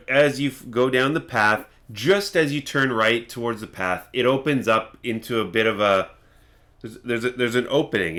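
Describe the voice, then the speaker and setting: Low-voiced man running a tabletop game. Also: a bit bright. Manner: meandering, restarts sentences while describing. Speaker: game master. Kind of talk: describing scenes in a tabletop game.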